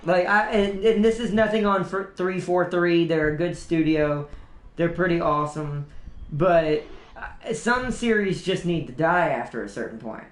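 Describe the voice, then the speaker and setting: A male streamer with a high voice rambles through casual gaming chat, enthusiastic and quick to laugh. His voice echoes around the room he records in, which gives it a hollow, roomy ring. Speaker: streamer host.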